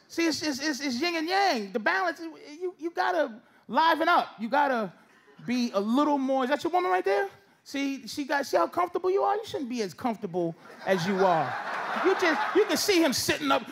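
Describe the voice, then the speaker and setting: A middle-aged man doing a stand-up set, loud and teasing as he banters with the audience. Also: very high-pitched. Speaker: stand-up comedian. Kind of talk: stand-up set with crowd work. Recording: live club recording with crowd noise. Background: audience laughter.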